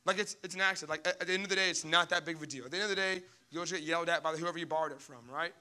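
Preaching as a pastor, this young man tells stories with lots of energy and gives his characters squeaky, frantic voices. His delivery is very fast, with a clean tone.

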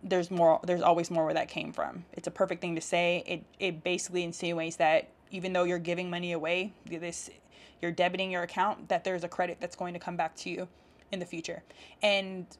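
A woman's voice: fairly low pitch, level tone, a little fast. A woman talking casually to camera, reading out affirmations and explaining them with an encouraging, laughing manner. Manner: warm encouraging, laughs often, speaks affirmations aloud. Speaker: self-help vlogger.

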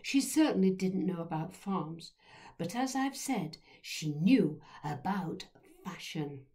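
Slow, lively woman storyteller. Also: on the low side. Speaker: author reading her memoir. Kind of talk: storytelling narration.

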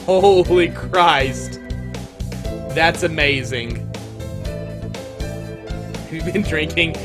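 A man's voice: on the high side, extremely slow, over music. A man streaming a game, making casual, profane, joking asides. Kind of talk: let's-play commentary.

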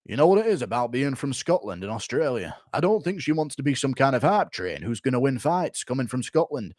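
A man's voice: mid-range voice, very animated, a little fast, a little mellow, no room sound. A young male fighter pundit delivers crude insults in an offhand way, voiced by a man. His voice sits in a middle range, with a dry recording. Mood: mocking.

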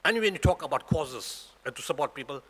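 A man's voice: a little high, animated, a little fast, a bit bright, breathy edge. A man in his sixties from South Africa with a South African accent, giving a Friday talk at a mosque and pressing the congregation with rhetorical questions. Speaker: guest speaker at a mosque. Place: mosque prayer hall. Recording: echoey hall reverb.

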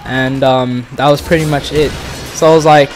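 A man's voice: medium pitch, fairly even intonation, normal speed, faint music behind. A young man from the Bronx telling a story casually, rambling and profane, full of fillers and restarts. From the Bronx, New York. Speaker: vlogger, channel host.

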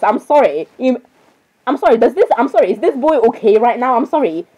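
A woman's voice: fairly high pitch, expressive, moderate pace, darkish tone, rough recording. A woman giving casual reaction commentary on videos, giggly and constantly saying sorry.

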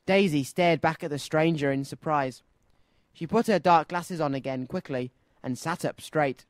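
Lively male children's radio storyteller. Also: on the high side, normal speed, no echo. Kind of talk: storybook read-aloud. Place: radio studio.

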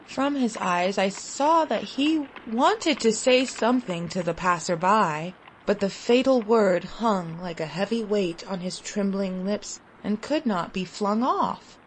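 Slow, expressive woman reading a story. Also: medium pitch, a little hiss or hum, rough recording. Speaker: story reader. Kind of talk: literary short-story reading.

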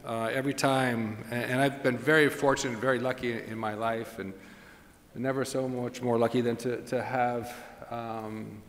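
A man's voice: medium pitch, flat delivery, a bit bright. Earnest american guy on a panel, lots of restarts, echoey auditorium. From United States. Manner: halting, earnest, full of restarts. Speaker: panelist chef. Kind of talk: panel discussion on stage. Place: large auditorium. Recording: long hall reverb.

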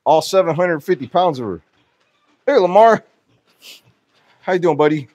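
A man vlogging outdoors while feeding his farm animals, excitable and out of breath, laughing and talking to the animals as he goes. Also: on the high side, fast talker, no echo.

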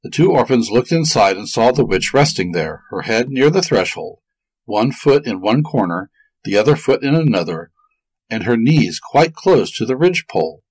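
A male storyteller reads a folk tale in a lively, expressive cadence. His lowish voice is husky and moves widely in pitch. The recording is dry and close. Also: moderate pace, dry recording, poor audio.

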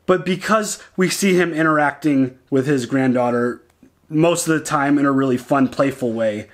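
A man co-hosting a casual reaction show, talking excitedly and acting out lines as he retells scenes. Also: mid-range voice. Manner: excited, quotes characters in quick retellings.

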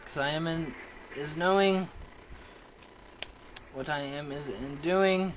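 A man's voice: a little high, slow, a little hiss or hum, poor audio. A young man commenting on a shooter game as he plays, muttering and bursting out in frustration. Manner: excitable, frustrated muttering and outbursts. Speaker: gamer. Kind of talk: let's play commentary.

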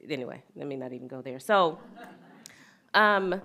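A middle-aged woman with a slightly low voice talks reflectively as a wellness and equity speaker. Her manner is earnest and plain-spoken, and she moves into personal storytelling with an easy laugh. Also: lively intonation, normal speed, bright, forceful tone.

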